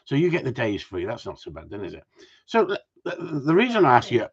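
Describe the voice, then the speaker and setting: A husky, medium-pitched man trains gundogs and chats casually with viewers outdoors in the cold. He talks fairly quickly with huge pitch swings, reading comments and joking as he rambles. The sound quality is muffled and lo-fi.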